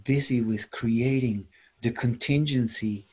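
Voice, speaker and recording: A man's voice: medium pitch, unhurried, a little mellow, slightly rough. A middle-aged man from the Netherlands, talking in a reflective interview, musing and repeating his phrases. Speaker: interview guest, former seminar leader.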